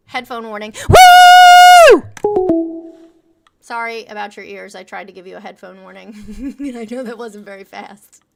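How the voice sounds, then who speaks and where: A woman's voice: a little high, creaky. A young adult woman hosting a call-in livestream, blunt and mocking, swearing freely. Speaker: livestream host taking calls. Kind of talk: casual call-in livestream chat.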